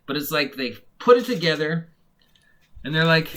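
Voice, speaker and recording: A man's voice: fairly high pitch, sing-song, normal speed, long pauses, pushed and bright, a little hiss or hum. A man giving a casual, rambling monologue as a game reviewer, full of fillers and restarts. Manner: mock voices when imitating others.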